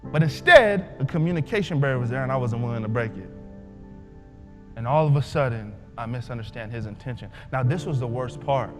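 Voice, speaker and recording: A man giving a motivational speech at a live event, telling a story in an animated way and acting out the dialogue. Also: medium pitch, fairly quick, long reverb tail, music in the background. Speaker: motivational speaker. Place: large hall, live event.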